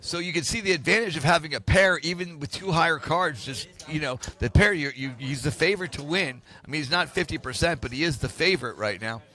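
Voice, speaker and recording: A man with a high, bright voice calls a poker game live, play by play. He talks right to the viewers, walks through the odds and keeps the energy up. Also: a little fast, few pauses. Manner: lively, explanatory, talks straight to viewers. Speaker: poker tournament commentator.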